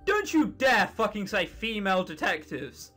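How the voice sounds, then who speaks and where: A woman doing casual game commentary, full of sarcasm and swearing. Her pitch swings widely as she talks, and faint music plays behind her. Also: very animated, moderate pace, a bit bright. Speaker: let's-play host.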